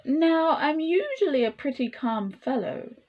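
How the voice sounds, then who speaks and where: A woman's voice: sits high, very animated, a little slow, dull audio, voice pushed up. Woman doing an indignant storybook wolf. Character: male wolf insisting he is calm.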